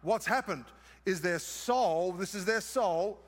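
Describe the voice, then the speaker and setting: Australian male pastor, high voice, live sermon in a reverberant church hall. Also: slow pace. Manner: emphatic repetition, asks the congregation questions.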